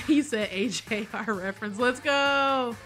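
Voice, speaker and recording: A woman chatting casually while streaming a game, animated and quick to laugh and swear, greeting her viewers. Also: a little high, soft background music. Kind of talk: casual live game commentary.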